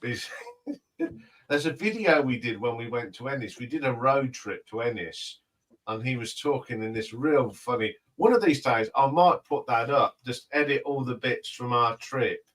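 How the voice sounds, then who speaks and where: A man telling stories lively in a casual livestream panel chat, laughing as he goes. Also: mid-range voice, moderate pace, far from the mic, poor audio. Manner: lively storyteller who laughs while talking.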